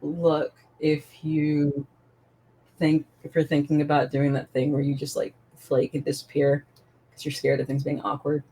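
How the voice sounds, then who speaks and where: Woman doing a blunt guarded young hunter girl, muttered, lowish voice, tabletop role-play. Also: little pitch movement, unhurried, dark tone, breathy edge, exaggerated voice, low-quality recording.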